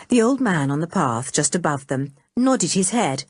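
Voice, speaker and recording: A woman reads a children's adventure book aloud, her voice fairly low, slightly husky and very animated. Her storytelling is measured and the recording is dry and close. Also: no room sound. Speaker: audiobook narrator. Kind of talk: scripted narration.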